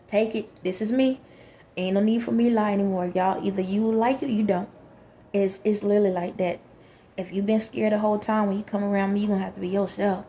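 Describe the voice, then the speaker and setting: A woman's voice: medium pitch, warm tone, a little hiss or hum. A woman talking frankly and emphatically in a casual monologue, with many fillers. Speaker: vlogger.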